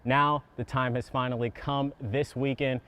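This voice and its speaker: A man reporting for local TV news in a casual, energetic way, a bit out of breath. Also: medium pitch, normal speed. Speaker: sports reporter.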